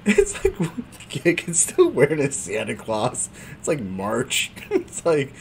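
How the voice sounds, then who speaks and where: A man hosting a gaming channel, giving casual commentary on his own gameplay, excitable and laughing often. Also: medium pitch, normal speed, slight background noise.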